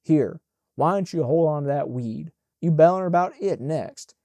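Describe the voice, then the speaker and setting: A man's voice: fairly high pitch, normal speed, dark tone, no echo, close to an everyday voice. A man voicing a grumbling teenage servant boy who scolds in folksy Southern dialect. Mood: scolding.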